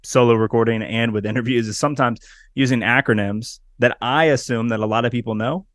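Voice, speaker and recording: A man hosts a podcast interview in a relaxed, conversational way, often rephrasing as he asks follow-ups. His voice sits in a middle range and is recorded close and dry. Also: mid-range voice, a little fast, dry recording. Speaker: podcast host.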